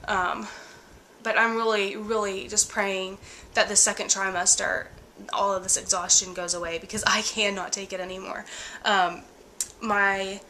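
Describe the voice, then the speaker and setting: A young woman talks to her camera in a casual vlog, worn out and breathless from a bad cold. Her voice is bright and forward despite the fatigue, and she drifts through ums and likes as she speaks candidly. A faint hiss sits under the recording. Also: medium pitch, level tone, measured pace. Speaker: vlogger.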